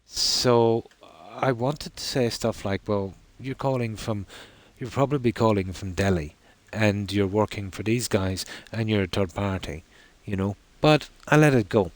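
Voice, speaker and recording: A man's voice: on the low side, unhurried. A man with an Irish accent telling a long rambling story while streaming a game, with a lot of "I said". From Ireland. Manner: rambling anecdote, frequent "I said".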